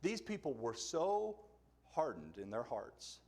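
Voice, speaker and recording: Animated male preacher, lively pitch. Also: takes it slowly. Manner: animated storytelling, acts out quotes with big pitch jumps. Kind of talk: sermon. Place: church sanctuary.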